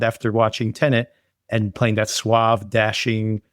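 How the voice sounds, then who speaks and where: A man's voice: fairly low pitch, level tone, a little slow, no room sound, clean studio sound. A man co-hosting a podcast, enthusiastically reviewing a film in casual chat, rambling with lots of fillers. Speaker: podcast co-host.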